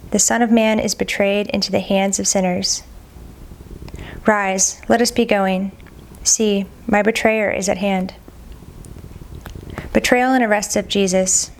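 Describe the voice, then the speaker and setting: A woman's voice: medium pitch, a little hiss or hum. Woman steadily reading scripture aloud. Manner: steady, measured reading, stumbles on and repeats hard names. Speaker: Bible reader.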